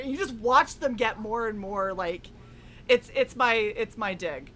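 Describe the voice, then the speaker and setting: A woman from the western United States, chatting on a panel, telling animated stories and swearing freely. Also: fairly high pitch, moderate pace, slight background noise. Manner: animated storyteller, quotes people in acted voices, swears freely. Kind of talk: casual chat.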